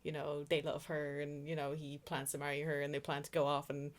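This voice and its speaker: A woman co-hosting a podcast, chatting about a book and its film adaptation in a relaxed way, with lots of fillers and easy laughter. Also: deep voice, fairly quick. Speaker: podcast co-host. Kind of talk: casual film chat.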